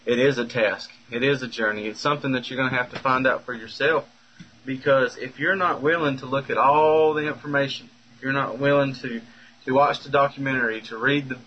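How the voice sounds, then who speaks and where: A man's voice: mid-range voice, fairly even intonation, a little fast, bright, forceful tone, muffled recording, slight background noise. A man speaking in an unscripted monologue, rambling with lots of fillers and restarts. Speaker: speaker recounting a personal story.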